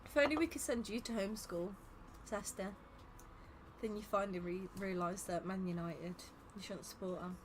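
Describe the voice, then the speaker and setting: A woman's voice: mid-range voice, normal speed, a little hiss or hum. Teasing English woman streaming games. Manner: teasing, laughs often, reads chat aloud. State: tired. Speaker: streamer running custom game lobbies. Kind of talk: casual live-stream chat.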